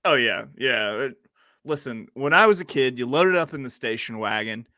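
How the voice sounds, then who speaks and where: A man's voice: medium pitch, lively intonation, normal speed, sharp tone, no echo, clean studio sound. A man co-hosting a casual podcast, teasing with playful, sarcastic banter. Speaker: podcast co-host. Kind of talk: casual chat.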